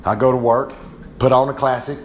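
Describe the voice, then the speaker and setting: A man's voice: mid-range voice, fairly even intonation, fairly quick, slight background noise. A young man with a Southern American accent, a wrestler talking casually in a rambling, folksy drawl and calling himself by name in the third person. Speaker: wrestler giving a podcast segment. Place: his trailer at home.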